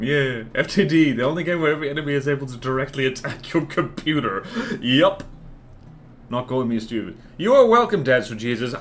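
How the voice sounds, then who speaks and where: Male streamer, lively pitch, jokey self-talk, faint typing noise behind. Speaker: game streamer. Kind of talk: casual gameplay commentary.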